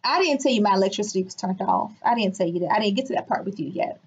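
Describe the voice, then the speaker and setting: A woman telling a story in a casual vlog from her clinic, indignant and animated, acting out the people she quotes. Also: medium pitch, quick pace, husky. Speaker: business owner and healer. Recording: muffled lo-fi sound.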